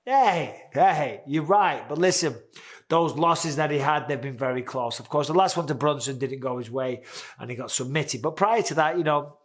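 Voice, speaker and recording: A man's voice: medium pitch, moderate pace. A man in his forties hosting a casual, candid sports commentary, chatty and swearing now and then. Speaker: host.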